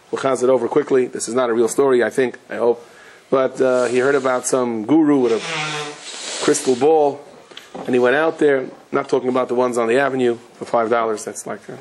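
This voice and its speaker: A rabbi giving a Torah lecture, telling stories in a lively way with Yiddish and Hebrew terms mixed in. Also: male voice, medium pitch, slight background noise, low-quality recording. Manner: animated storytelling, sprinkled with Yiddish and Hebrew terms.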